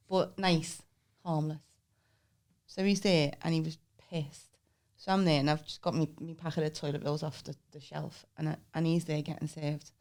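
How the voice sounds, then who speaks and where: A woman's voice: low voice, steady tone, moderate pace, a little mellow. A woman, co-hosting a podcast and telling stories in a chatty way, laughing often. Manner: chatty, laughs a lot, acts out quoted voices. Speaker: podcast co-host. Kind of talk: casual chat, storytelling.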